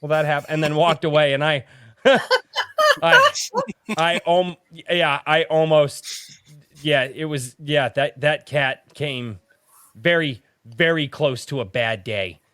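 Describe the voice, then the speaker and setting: A man's voice: a little high, slow pace, bright, forceful tone, clear, resonant tone, no room sound. A man hosting a casual livestream chat, rambling with frequent restarts and casual swearing. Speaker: podcast host.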